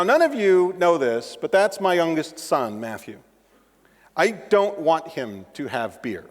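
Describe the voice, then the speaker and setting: Middle-aged man, conference speaker, lively and joking live-coding delivery, high voice with long hall reverb. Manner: animated and joking, with asides to the audience. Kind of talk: live-coding tech talk.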